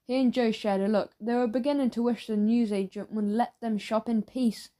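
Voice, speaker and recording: Higher-pitched woman narrating a children's audiobook. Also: normal speed. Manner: steady storytelling.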